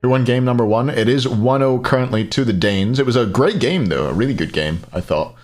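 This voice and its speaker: A man casts an esports match on a live stream in casual commentary, rambling between plays and answering chat questions out loud. His medium-pitched voice is animated, brisk and a little mellow, with faint music in the background.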